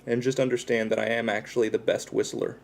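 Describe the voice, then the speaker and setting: A man's voice: medium pitch, little pitch movement, fast, gravelly. A man chatting casually with his viewers on a livestream, rambling and self-deprecating as he talks while tattooing himself.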